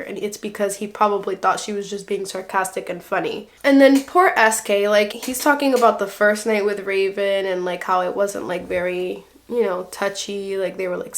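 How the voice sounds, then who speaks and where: A young woman giving a casual, sassy reaction commentary on a reality show, full of fillers and mock quotes. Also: medium pitch. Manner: sassy, lots of fillers, mocks people in quoted voices. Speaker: reaction vlogger.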